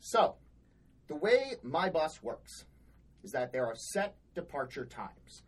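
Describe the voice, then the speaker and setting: A woman co-host with a deep, slightly rough voice takes her time, her pitch swinging widely. She tells work stories bluntly and with exasperation, cursing often in casual podcast chat. The recording quality is low.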